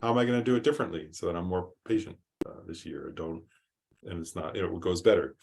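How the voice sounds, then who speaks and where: Low-voiced man teaching, casual and halting. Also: creaky, darkish tone. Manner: conversational, rephrases with frequent "right?" and "um". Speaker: Buddhist teacher. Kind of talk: relaxed classroom teaching.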